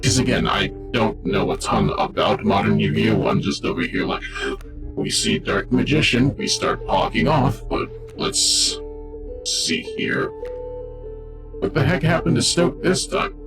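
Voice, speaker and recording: A man's voice: mid-range voice, big pitch swings, unhurried. A man streaming a card game, chatting casually with his chat in a rambling, jokey way. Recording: game music behind voice.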